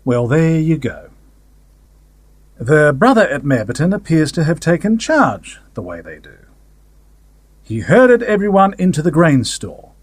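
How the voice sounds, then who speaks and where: A man's voice: a little high, very animated, measured pace, pauses often, husky, no echo. A man reading a story aloud in a wry, conversational first-person manner. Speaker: story narrator. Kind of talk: audiobook fiction reading.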